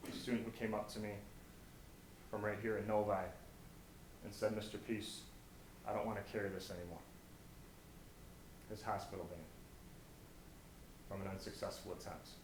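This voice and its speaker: A man's voice: fairly low pitch, flat delivery, moderate pace, long pauses. Man telling stories in an echoey hall. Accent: American. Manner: storytelling, swings from hushed to loud. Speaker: motivational speaker. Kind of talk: inspirational stage talk. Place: college auditorium. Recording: echoey auditorium, faint noise.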